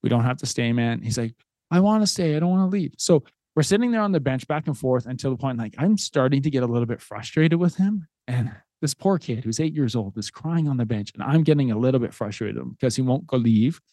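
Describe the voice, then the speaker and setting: A man's voice: medium pitch, expressive, fast, warm tone, no room sound. A man in his thirties, a podcast host, telling a personal story in an earnest, conversational way with fillers. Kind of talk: casual storytelling.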